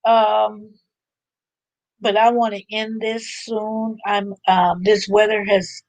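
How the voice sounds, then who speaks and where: A woman hosts a relaxed live chat, talking loosely and laughing easily between thoughts. She sounds a little drained, and her voice is mid-pitched and dry, with no room sound around it. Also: no echo. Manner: chatty, laughs often, loose and unhurried. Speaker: livestream host. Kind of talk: casual live chat with viewers.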